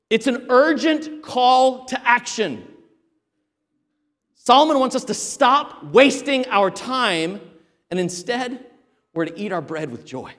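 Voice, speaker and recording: A man preaching a sermon as pastor, emphatic, with sudden loud exhortations. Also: high-pitched, expressive, unhurried, long reverb tail.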